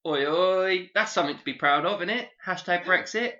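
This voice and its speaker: A man co-hosting a podcast in casual chat, animated and swearing freely. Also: high-pitched, normal speed. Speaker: podcast co-host. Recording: dull lo-fi sound.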